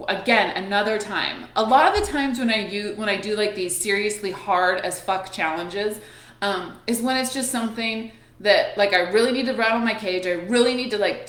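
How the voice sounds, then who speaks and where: A woman's voice: medium pitch, a bit bright. A woman in her thirties talks candidly in a casual motivational chat. She swears freely and laughs often. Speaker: host. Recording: echoey room.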